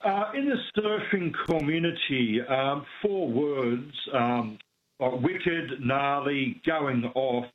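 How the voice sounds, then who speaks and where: A man's voice: mid-range voice, slow. An Australian man calling in to a radio show, asking his question in a hesitant, rambling way. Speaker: caller. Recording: dull phone-line call.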